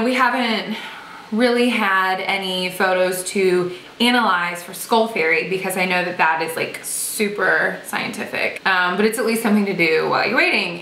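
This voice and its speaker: A woman's voice: medium pitch, bright, forceful tone. A young woman chatting and joking as she vlogs to her camera at home. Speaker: vlogger. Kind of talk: casual pregnancy vlog to camera. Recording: echoey room with faint hiss.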